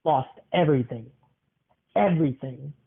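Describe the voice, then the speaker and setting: A man's voice: fairly high pitch, moderate pace, vocal fry, husky. A young man voicing a desperate adult male stranger who pushes and pleads for help, in a story he is making up. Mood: pleading. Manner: insistent, pushy, then pleading. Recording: tinny phone-like sound.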